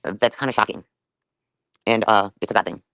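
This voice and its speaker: A woman's voice: rumbling low, fairly bright tone, no echo. A woman talking as a guest on a livestream, emotional and swearing freely in heated conversation. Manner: rapid, profane and emotional.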